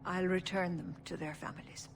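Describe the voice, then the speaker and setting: Grave elder elf clan leader, lowish voice, solemn game dialogue. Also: female voice, fairly even intonation, moderate pace, vocal fry, noisy background. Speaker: clan keeper in a video game.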